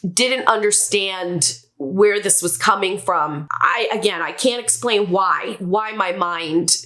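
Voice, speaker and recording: A woman's voice: mid-range voice, pushed and bright. A woman vlogger telling a story about her own childhood in a candid, self-reflective and wry way.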